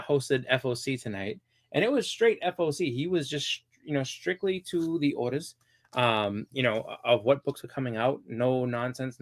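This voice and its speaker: Rambling man hosting a comics chat. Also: medium pitch. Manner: rambling, many fillers and restarts. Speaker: comics show host. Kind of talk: casual live-stream chat.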